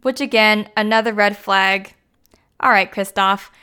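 A young woman with a smooth, clear voice at a middle pitch, recapping a film in a loose, conversational way. She is full of casual fillers and keeps slipping into the characters' quoted lines. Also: fairly even intonation, measured pace, sharp tone. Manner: chatty, filler-heavy, acts out quotes.

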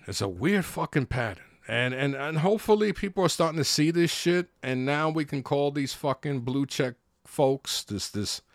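A man's voice: medium pitch, no echo. Blunt ranting man, dry close sound. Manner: blunt, profane, exasperated. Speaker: podcaster. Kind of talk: ranting monologue.

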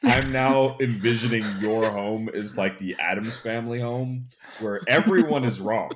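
A man's voice: mid-range voice, moderate pace, a loud crowd. Swearing man ranting among friends. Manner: swears a lot, rambling rants. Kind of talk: casual chat among friends.

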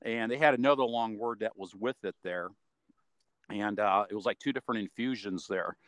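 A man's voice: on the low side, normal speed, fairly bright tone, dry recording. A man gives a casual spoken account as an interview guest. His talk meanders and is full of fillers. The recording is dry, with no room sound around his voice. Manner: rambling, meandering delivery with many fillers.

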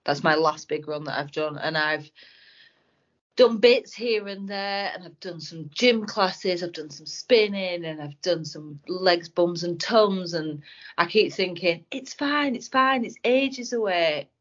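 A woman talking in a heartfelt, emotional way about running with friends, sometimes rushing her words. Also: on the low side, highs cut off. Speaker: podcast guest. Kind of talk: emotional casual chat.

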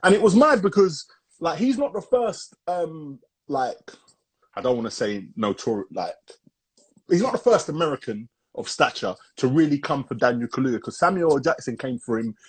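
A man's voice: a little high, lively intonation, moderate pace, husky. A young man, co-hosting a casual podcast chat, rambling with restarts and calling people "bro". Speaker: podcast co-host.

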